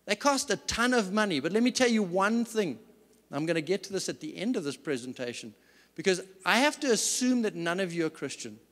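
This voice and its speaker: Earnest high-voiced man in a hall. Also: very animated, brisk, fairly bright tone. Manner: earnest, emphatic storyteller. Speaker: company CEO speaker. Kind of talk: faith-based business talk. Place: large event hall. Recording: reverberant hall sound.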